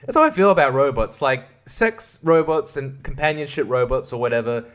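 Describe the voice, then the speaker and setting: Young aussie guy ranting solo on his podcast, swears a ton, mumbles then gets loud, normal mid voice. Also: mid-range voice, expressive, moderate pace. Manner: rambling, profane and laughing, swinging between mumbling and loud outbursts. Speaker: podcast host.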